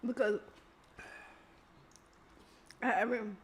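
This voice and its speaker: A woman's voice: a little high, fairly even intonation, extremely slow, a little hiss or hum. A young woman co-hosting a casual podcast chat, teary and in pain from eating something very spicy, groaning her complaints. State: in pain from hot chip, teary. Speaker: podcast co-host.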